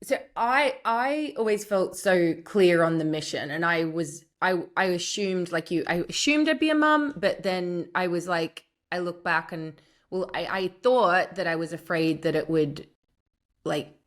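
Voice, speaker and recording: A woman in her forties hosts a heart-to-heart interview, her voice pitched somewhat low. She listens with empathetic murmurs and asks gentle, personal questions. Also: animated, unhurried. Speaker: podcast host. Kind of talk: warm conversational interview.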